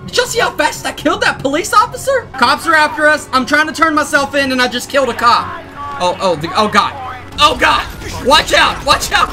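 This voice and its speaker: A young man giving excitable gameplay commentary, often shouting and laughing as he plays. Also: very high voice, a little fast, soft background music. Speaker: gaming YouTuber.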